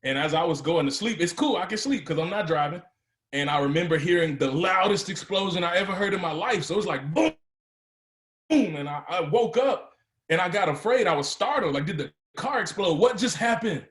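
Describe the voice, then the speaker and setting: A man's voice: high voice, expressive, fairly quick, a bit bright, echoey room. A man giving a motivational speech to a live audience, telling his story and building to emphatic, rising peaks. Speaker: motivational speaker.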